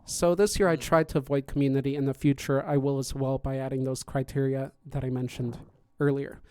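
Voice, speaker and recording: Rambling podcast host, dry sound. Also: male voice, mid-range voice, level tone, a little fast, dark tone, clear, resonant tone, dry recording. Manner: rambling, many fillers and restarts. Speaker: podcast host and contest judge. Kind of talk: casual live-stream chat.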